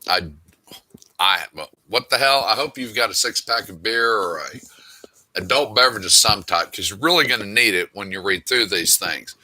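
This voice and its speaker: Casual male author, middle-aged, lowish bright tone, dry close sound, sardonic. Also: normal speed, no echo. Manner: wry, exasperated asides. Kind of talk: casual monologue reading emails aloud.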